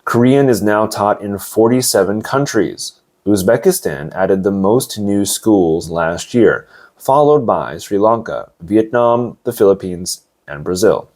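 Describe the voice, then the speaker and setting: A deep-voiced man gives a relaxed English lesson built on news stories. He defines words, reads the news aloud and stops to ask learners if it makes sense. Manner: explains words slowly, adds asides and checks. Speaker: English teacher.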